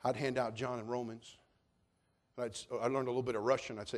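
A middle-aged man pastor preaching a sermon, telling a personal story and swinging from calm to loud, emphatic preaching. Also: medium pitch, a little fast.

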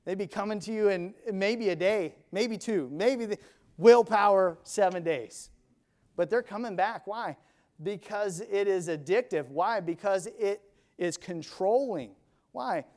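Male preacher, high-pitched, unhurried delivery, emphatic rhetorical questions. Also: a little mellow. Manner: emphatic, asks and answers his own questions; counts beats and sings snatches of songs. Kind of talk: sermon.

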